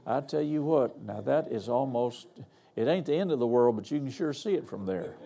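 A man's voice: medium pitch, animated, moderate pace, creaky, dark tone. An older man, a guest pastor preaching a sermon in a folksy, humorous, storytelling way. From Arkansas. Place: church.

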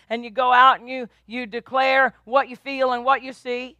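A woman's voice: high voice, level tone, moderate pace, hardly any pauses, pushed and bright, dry recording. A woman pastor preaching a sermon, emphatic and repetitive, drawing responses from the congregation.

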